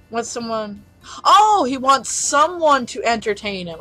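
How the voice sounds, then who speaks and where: A fairly high-voiced woman chats through a game with a young child, her pitch swinging up and down as she laughs often and coaxes her along. Soft chiptune music plays quietly underneath. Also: very animated, moderate pace. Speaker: gameplay video host playing with a child. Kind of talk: casual let's-play chat. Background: faint chiptune music.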